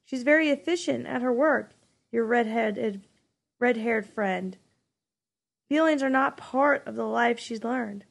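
A woman reading aloud, voicing a weary, sorrowful old male mentor who speaks in a steady, measured way. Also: fairly high pitch, vocal fry. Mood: grave.

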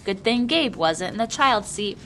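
A woman's voice: medium pitch, expressive, unhurried, bright, forceful tone, slight background noise. A woman reading aloud and voicing a cheerful, chattering little girl who speaks matter-of-factly. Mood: chatty.

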